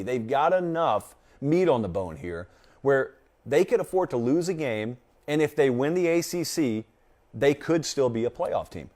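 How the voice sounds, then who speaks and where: A male host runs a sports talk show and reacts to viewers' bold takes. His voice sits at a middle pitch and swings widely as he gets into a point. He delivers firm opinions with dry, sarcastic asides. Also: lively intonation, unhurried, darkish tone.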